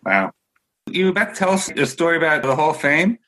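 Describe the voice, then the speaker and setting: Lively bright-voiced man hosting. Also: on the high side, fast talker. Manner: reactive, prompting the guest. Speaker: host.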